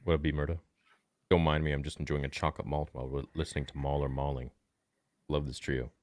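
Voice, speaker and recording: A man's voice: rumbling low, little pitch movement, quick pace, darkish tone, no echo, studio quality. A man co-hosting a livestream, reading viewer chat aloud in a loose, upbeat way with casual swearing. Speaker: co-host reading live chat.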